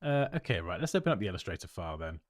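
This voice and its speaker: A man's voice: low-pitched, big pitch swings, very fast, no room sound, studio quality. Chatty man reviewing designs. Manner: chatty and upbeat, often laughing. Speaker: host reviewing viewers' design work. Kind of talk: casual livestream commentary.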